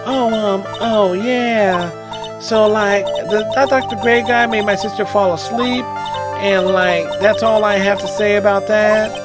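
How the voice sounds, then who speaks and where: A man's voice: steady tone, unhurried. A man voicing a ditzy, airheaded young woman witness in a video game, with a put-on Southern drawl and "like" in every sentence. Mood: evasive. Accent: American Southern (put on). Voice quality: high, drawling, says "like" constantly. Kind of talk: reading a video game aloud on a live stream. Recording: game music playing behind.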